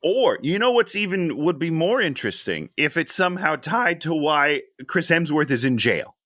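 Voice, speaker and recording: A man's voice: on the high side, sing-song, moderate pace, fairly bright tone, no room sound, studio quality. A man co-hosting a casual movie-review podcast, joking and sarcastic as he picks a film apart. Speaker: podcast co-host.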